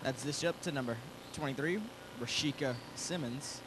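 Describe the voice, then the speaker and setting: A young man doing color commentary at a school basketball game, relaxed and analytical, announcing substitutions. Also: mid-range voice, moderate pace, background noise. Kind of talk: sports commentary.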